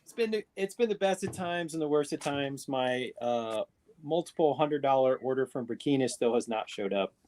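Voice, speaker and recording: A man serves as a panelist on a live video show, chatting casually into a tablet microphone and rambling with fillers and restarts. His mid-range voice is a little mellow, with lively intonation and a moderate pace, and there's slight background noise.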